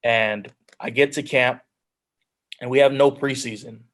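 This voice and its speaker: A man's voice: medium pitch, steady tone, unhurried. Earnest young man on a video call. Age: young adult. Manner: earnest, heartfelt, with frequent restarts and "like". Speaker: guest speaker, pro football player. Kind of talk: personal storytelling on a group call.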